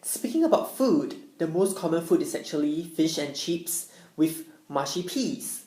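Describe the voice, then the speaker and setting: A young woman with a low voice gives an upbeat student presentation, explaining things clearly. Her voice carries a noticeable room echo. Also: animated, unhurried, dark tone. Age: young adult. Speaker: international student. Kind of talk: presentation talk. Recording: echoey room.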